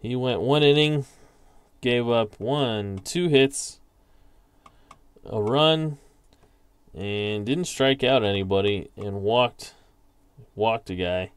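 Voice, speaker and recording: A man doing measured play-by-play for a tabletop baseball game, in an unhurried, methodical delivery. His voice sits at an ordinary pitch and is recorded close and dry, with no room sound around it. He works through dice results and stat lines one at a time. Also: clean tone, no room sound. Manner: slow and deliberate, reading out dice rolls and stats. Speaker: league commissioner calling a tabletop baseball sim. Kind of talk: play-by-play commentary.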